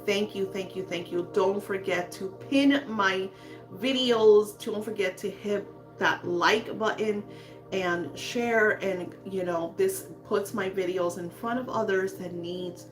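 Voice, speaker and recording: A woman doing a live psychic reading, talking softly with calm spiritual reassurance. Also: mid-range voice, slow, music in the background. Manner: soft, soothing, spiritual affirmations. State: emotional. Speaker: psychic reader.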